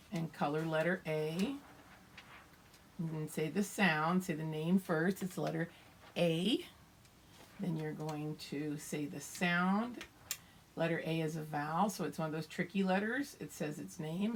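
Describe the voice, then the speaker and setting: Older woman, preschool teacher, slow patient phonics sounding-out, faint room noise. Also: on the low side. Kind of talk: remote phonics lesson for young children.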